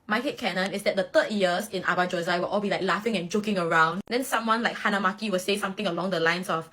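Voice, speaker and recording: Fast-talking young woman gossiping about anime. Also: fairly low pitch, a bit bright. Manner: chatty, dramatic, gossipy asides. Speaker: anime fan commentator. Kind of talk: casual fan commentary.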